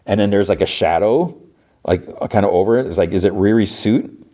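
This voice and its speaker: Low voiced guy on his podcast, rambling thru an episode recap, tons of "like". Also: a little fast, dark tone. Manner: rambling, filler-heavy retelling with acted-out quotes. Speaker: podcast host.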